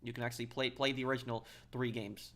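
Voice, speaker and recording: A man's voice: medium pitch, flat delivery, fairly bright tone. A man streaming a video game, chatting casually with viewers, often repeating words and stopping to read comments aloud. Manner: halting, repeats words, reads chat aloud. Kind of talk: casual live-stream chat.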